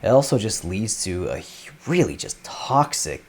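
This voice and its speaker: Low-voiced man giving casual commentary. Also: normal speed. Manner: relaxed, offhand, conversational. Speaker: host reacting to clips.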